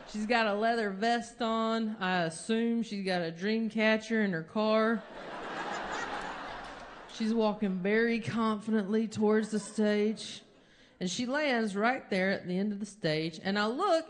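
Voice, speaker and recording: A woman telling a long comic story on stage as a stand-up comedian, animated and jumping high in pitch when she acts out quotes. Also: slight background noise.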